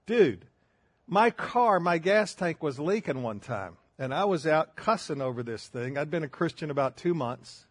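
A man's voice: on the high side, very animated, normal speed, husky, dry recording. An older man preaching a sermon, telling folksy stories with self-deprecating humor. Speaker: pastor.

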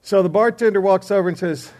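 Male class leader opening with joking news. Chatty, rambling, slightly higher voice. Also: fast, darkish tone. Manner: rambling, chatty joke-telling with filler "uh"s. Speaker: class teacher. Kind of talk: joking announcements before a lesson.

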